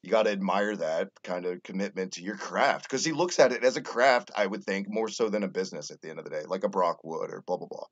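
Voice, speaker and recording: A man hosting a casual podcast, talking in an animated way and swearing freely. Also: deep voice, fast talker, hardly any pauses. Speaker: podcast host. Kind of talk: casual wrestling podcast chat. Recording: dull lo-fi audio.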